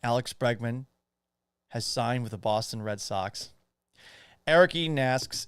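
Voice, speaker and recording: A man's voice: medium pitch, measured pace, pauses often, clear, resonant tone. A man hosting a sports podcast, reading viewer comments and answering them in a blunt, joking, profane manner. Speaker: podcast host.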